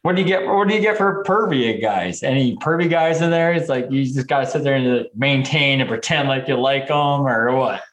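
A man hosting a casual chat, animated and laughing, with quick asides. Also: medium pitch. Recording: echoey room.

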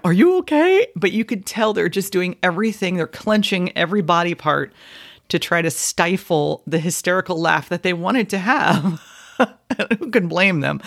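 A woman's voice: sits low, a bit bright. Self-mocking woman podcaster telling stories. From South Florida. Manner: self-deprecating, laughs at her own stories. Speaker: podcast host, former radio personality. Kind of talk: casual storytelling monologue.

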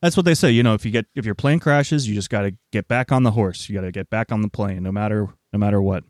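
A young man in a deadpan improvised comedy bit, agreeing earnestly and adding straight-faced reasoning. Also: lowish voice, no echo, studio quality. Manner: agreeable, earnest, quick back-channel replies.

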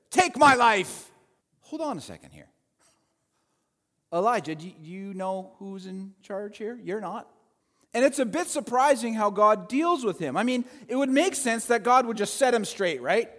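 Lively high-voiced male preacher. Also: moderate pace, long reverb tail. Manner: animated preaching, swinging between loud emphasis and quiet asides. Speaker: pastor. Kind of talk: sermon. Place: church sanctuary. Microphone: handheld or headset mic with feedback.

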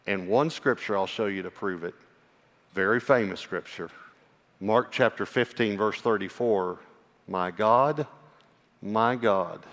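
A man preaching a sermon as a pastor, earnest and personal, sometimes dropping to a hushed voice for emphasis. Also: lowish voice, moderate pace. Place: church. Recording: long hall reverb.

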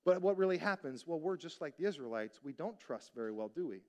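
A man's voice: fairly high pitch, animated, a little fast, darkish tone, muffled recording. A male pastor preaching a sermon in a conversational way, asking the congregation questions and acting out quotes.

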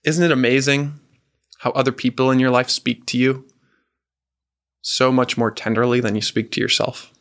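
A married man preaching a sermon, earnest and emphatic, slowing down and questioning the audience. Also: mid-range voice, little pitch movement, a bit bright.

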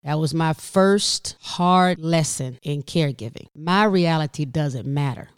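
Folksy, animated woman podcast host. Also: deep voice, a little slow, clean tone, dry recording, studio quality. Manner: animated, folksy, addresses listeners directly. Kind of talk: storytelling podcast.

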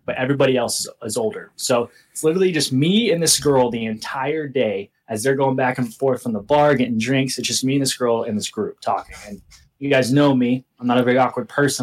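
Brief: young male podcast co-host, husky, animated and profane in casual storytelling. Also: mid-range voice. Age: young adult. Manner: animated, swearing, laughs through his story.

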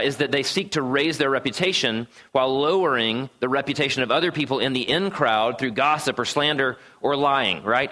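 In a church gathering room, a man preaches a sermon conversationally, often checking in with "right?" and tossing in wry asides. His mid-range voice is bright and forceful.

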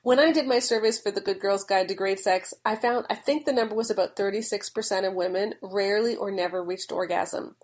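A woman's voice: medium pitch, darkish tone. A middle-aged woman speaking earnestly and conversationally as a Christian podcaster teaching her listeners. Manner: earnest, conversational, with occasional laughs. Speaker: Christian marriage blogger and podcaster.

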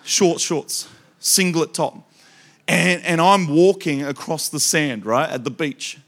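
An Australian man delivering a sermon with a fairly high, forceful voice. He tells funny stories in an animated rush and keeps asking the crowd direct questions. There is a bright, punchy edge to his delivery. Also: slow, creaky. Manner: animated, joking, talks straight to the crowd. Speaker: preacher. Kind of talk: sermon with comic storytelling.

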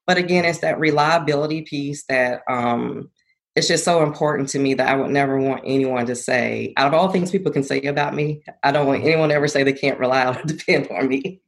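A woman's voice: a bass voice, fairly quick. A young adult woman answers interview questions in an earnest, reflective way. She thinks aloud, circling back to her points, and laughs easily now and then. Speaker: guest, former college athlete turned entrepreneur. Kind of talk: conversational interview.

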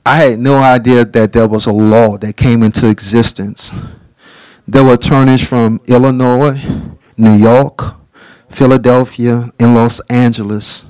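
A middle-aged man preaching a testimony, telling his story in an animated way and acting out the dialogue. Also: mid-range voice, unhurried, no echo. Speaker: speaker giving a testimony.

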